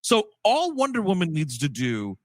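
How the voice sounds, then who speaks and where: Male co-host, highish voice, casual profane movie griping. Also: wildly swooping pitch, normal speed, darkish tone, no room sound, studio quality. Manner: ranting, sweary, mocking impressions. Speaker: podcast co-host. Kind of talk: casual movie review chat.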